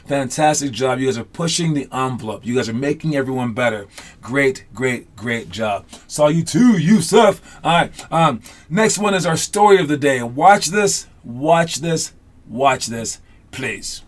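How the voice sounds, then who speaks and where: A man's voice: medium pitch, a little slow. A man coaching basketball in a casual online class, loose and chatty with many fillers, upbeat and encouraging.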